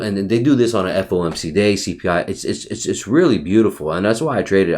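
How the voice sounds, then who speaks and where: A man's voice: on the low side, fast. A man casually walking viewers through his trading chart, swearing often, calling them buddy, and restarting his sentences. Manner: profane, excitable, talks to viewer as buddy; repeats himself and restarts often. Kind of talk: casual screen-share chart review.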